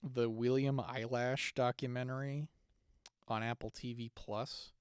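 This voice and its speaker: A man's voice: medium pitch, flat delivery, a little slow, clean tone, no echo, clean studio sound. A young man co-hosting a podcast in casual chat, rambling with lots of fillers and restarts. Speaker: podcast co-host.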